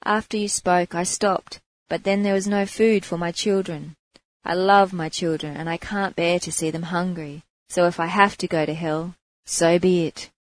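A woman's voice: fairly low pitch, steady tone, moderate pace, dry recording, lightly acted, low-quality recording. A woman voicing a tearful mother who pleads through her sobs, in a spoken story. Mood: sobbing. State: crying. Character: tearful mother begging forgiveness.

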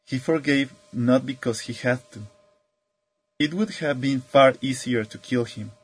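Male storyteller, husky, measured and calm, mid-range pitch. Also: dry recording, rough recording. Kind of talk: scripted narration.

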